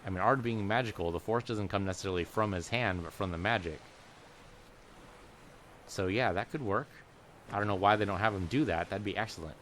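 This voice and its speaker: A man's voice: on the low side, brisk, fairly bright tone, a little hiss or hum. A man giving casual, rambling commentary while playing a video game, musing aloud as he goes. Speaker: let's play gamer.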